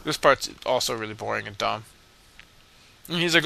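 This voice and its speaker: A man narrates his own game playthrough in a loose, rambling way, full of fillers and irreverent asides. His voice is bright and has some edge to it. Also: medium pitch, lively intonation, moderate pace, gravelly, pauses often. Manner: rambling, mumbling, lots of fillers; joking, irreverent. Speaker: video game commentator. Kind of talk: casual let's play commentary.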